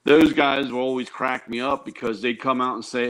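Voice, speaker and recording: A man's voice: medium pitch, fairly even intonation, moderate pace, a bit bright, rough recording. A man, a tool truck dealer, chatting casually as a guest and telling wry, joking stories. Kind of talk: casual chat on a live show.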